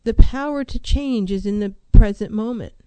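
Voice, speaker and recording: A woman counselor speaks in a mellow, warm voice, recorded dry and close. She talks with emphasis, stacking rhetorical questions and repeating her key phrases to drive them home. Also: on the high side, normal speed, clean tone, no echo, rough recording. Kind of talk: motivational talk on mental health.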